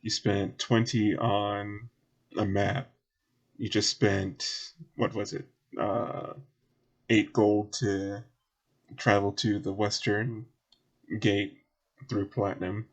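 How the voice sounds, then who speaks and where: A man's voice: on the low side, little pitch movement, slow, pauses often. Laid-back Southern man running a tabletop game. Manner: casual, laughs between narration, drawls y'all. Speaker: game master.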